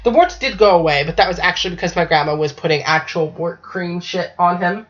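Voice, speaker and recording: A woman's voice: lowish voice, brisk. Chatty woman telling a story, lo-fi sound. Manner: swearing, chatty, often asking 'right?'. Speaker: podcast host. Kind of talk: casual storytelling. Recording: dull lo-fi online call audio.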